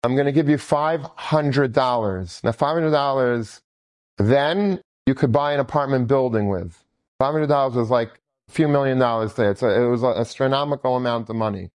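A man telling an inspirational story in an animated, enthusiastic way, often repeating himself. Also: medium pitch, fairly quick, dry recording. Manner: animated, repetitive, enthusiastic retelling.

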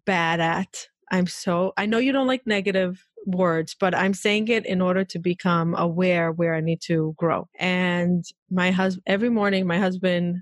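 A woman's voice: on the low side, dry recording. Candid woman host, dry close sound. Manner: candid, animated storyteller who speaks in quick bursts. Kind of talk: conversational interview.

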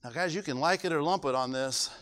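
A man's voice: fairly high pitch, quick pace, fairly bright tone. A male pastor preaching a sermon, emphatic and full of rhetorical questions to the congregation.

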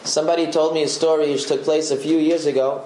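A man's voice: on the high side, little pitch movement, fast, darkish tone, roomy sound, faint music behind, low-quality recording. A man telling a story aloud, acting out the dialogue with animation. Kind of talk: oral storytelling.

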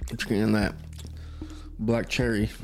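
A man's voice: lowish voice, level tone, takes it slowly, creaky, darkish tone, faint music behind. A man casually narrating a spooky story on a podcast, laid-back with swearing asides.

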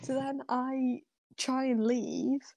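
A woman's voice: high voice, level tone, slow pace, darkish tone, no room sound. A young woman co-hosting a casual chat, telling a story in a rambling way full of fillers.

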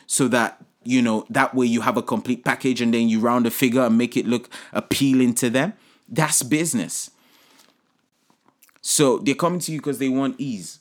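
Man, podcast host, lively preachy business talk, speaks straight to listeners, mid pitch. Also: moderate pace.

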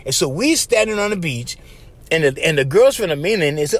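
A podcast host with a Hawaiian Pidgin English accent tells stories in a loose, animated monologue, laughing often, acting out voices, and tacking "right?" onto his phrases. His voice is a little high and brisk, with no echo.

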